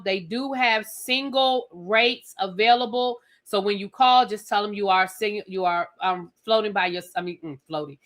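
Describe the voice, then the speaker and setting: A woman's voice: mid-range voice, pushed and bright. A woman hosting a live reality TV review stream, chatty and sassy, talking straight to her viewers. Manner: chatty, sassy, addresses viewers as girl and y'all.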